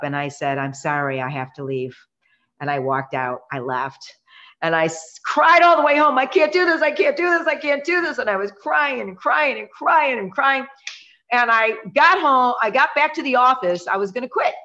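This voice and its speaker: A middle-aged woman, a real estate coach and podcast co-host, telling a story with animated, dramatic energy and acting out quotes. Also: on the low side. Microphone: remote call connection. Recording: dull lo-fi internet call audio.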